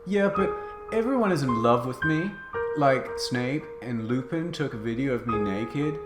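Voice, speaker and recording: A man's voice: medium pitch, lively intonation, unhurried, echoey room, loud music behind the voice, voice pushed up, lightly acted. A man doing a whiny teen goth girl. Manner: whiny, overwrought complaining. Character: melodramatic teenage goth girl narrator.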